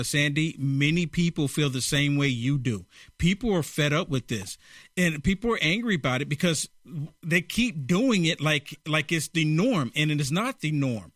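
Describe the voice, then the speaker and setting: A man's voice: a little high, a bit bright, no room sound, clean studio sound. A man hosting a political talk show, who questions pointedly and sounds indignant.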